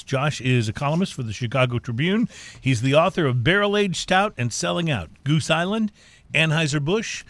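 A man's voice: medium pitch, no room sound. A man hosting a radio talk show in an upbeat, conversational manner, introducing and interviewing a guest.

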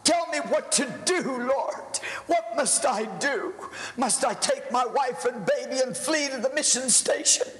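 A male preacher voicing a desperate village pastor crying out in prayer, pleading and rising to shouts, in a hall with a long reverb. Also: extremely high pitch, unhurried, pitched above the performer's own voice.

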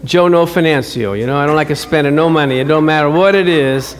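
A middle-aged man preaching a sermon, telling a married-life story with animated acted-out dialogue and frequent chuckles. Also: a little high, brisk, crowd noise. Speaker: pastor. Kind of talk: sermon with personal stories.

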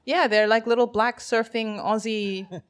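Chatty animated woman with lots of fillers. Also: a little high, measured pace. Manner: animated, many fillers and restarts. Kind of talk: casual chat.

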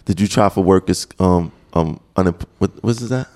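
A man's voice: low voice, moderate pace, warm tone. A man hosting a casual interview, asking loose, curious follow-up questions.

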